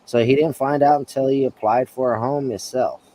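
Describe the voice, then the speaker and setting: A man's voice: medium pitch, steady tone, moderate pace, warm tone. A man in a casual group chat, telling a story in a laid-back way and saying "bro".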